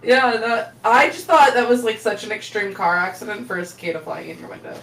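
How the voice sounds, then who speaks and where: A woman chats on a casual podcast and tells stories in an animated way, jumping into loud impressions. Her voice comes across bright and a little sharp. She sits back from the mic in an echoey room with a faint hum behind her. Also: mid-range voice, fairly quick, distant mic. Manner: animated storyteller, shrieking impressions. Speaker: podcast co-host. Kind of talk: casual chat. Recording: roomy, off-mic sound with faint ambience.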